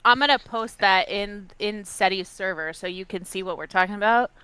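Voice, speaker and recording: Bright, crisp-voiced playful woman. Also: medium pitch, moderate pace, no room sound, rough recording. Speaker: player. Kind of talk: casual banter.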